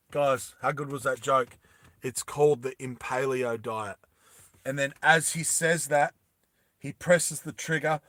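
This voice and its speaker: A young man retells a movie scene by scene in a loose, animated way, laughing often and acting it out. His voice is bright and forward, and he takes his time. The sound is close and dry. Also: mid-range voice, unhurried, no echo. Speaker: storytelling vlogger. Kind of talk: casual movie recap storytelling.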